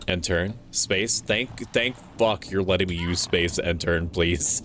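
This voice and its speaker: Very deep-voiced male streamer chatting. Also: takes it slowly, hardly any pauses, a bit bright. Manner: chatty, swears, laughs, thinks aloud. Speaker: VTuber streamer. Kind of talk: casual gameplay commentary.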